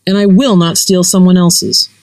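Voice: mid-range voice, steady tone, normal speed, a little mellow, no room sound, voice pushed up, close to an everyday voice. Narrator doing a stubborn, practical young woman. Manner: stubborn, wry.

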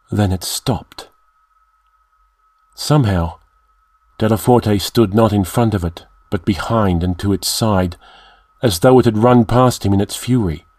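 In a measured, dramatic storytelling voice, a male narrator reads a dark fantasy audiobook. His pitch is on the lower side, and the recording is close and dry with no sense of a room.

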